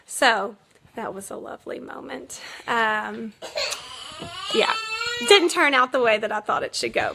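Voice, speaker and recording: A mother in her thirties vlogs casually to the camera at home with her kids nearby. Her voice is fairly high and unhurried, with vocal fry, and she laughs through her story, using lots of fillers. Background noise is present.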